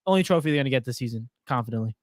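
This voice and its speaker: A man co-hosting a podcast, talking quickly in a teasing, casual way about sports and laughing often. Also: a little high, no echo, studio quality. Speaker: podcast co-host.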